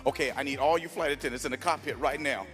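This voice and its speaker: A man voicing a stern male airline captain making slow, formal intercom announcements. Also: mid-range voice, fairly bright tone, big-room sound, faint music behind, voice pushed down, close to an everyday voice. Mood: commanding.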